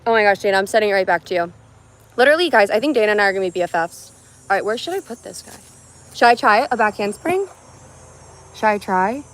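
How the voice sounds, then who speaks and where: Livestreaming by phone outdoors among wooded mountains, a young woman from the United States chats in a bubbly, rambling manner as she takes viewer comments. Her mid-range voice is expressive and quick, though she leaves long pauses.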